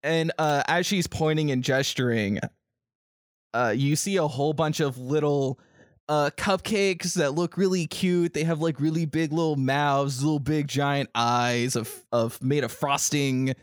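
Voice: medium pitch, measured pace, no room sound, studio quality. A game master casually narrating a tabletop game, rambling and laughing often.

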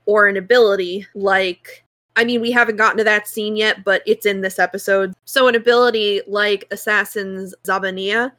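Podcast co-host, woman, mid pitch, dry close mic, patient lore explainer. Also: sharp tone, dry recording. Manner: explains things patiently, hedges with "like" and "I mean". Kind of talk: casual chat, explaining lore.

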